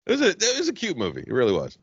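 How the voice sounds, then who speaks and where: A man's voice: on the high side, huge pitch swings, racing, a bit bright, husky, no room sound, dull audio. A man from the Southern US co-hosting a podcast, chatting casually with a profane, joking manner and frequent laughter. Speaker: podcast co-host. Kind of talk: casual comedic chat.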